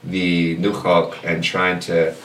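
A very low-voiced man leads a classroom lesson, speaking patiently and repeating words slowly so students can follow. He sounds distant from the mic, in an echoey room with a faint hiss underneath. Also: monotone, a bit bright. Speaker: language teacher.

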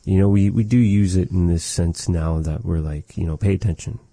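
Low, dark-voiced man teaching calmly. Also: vocal fry, no echo. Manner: measured, thoughtful, with many fillers and pauses. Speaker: language teacher. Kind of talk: relaxed conversational language lesson.

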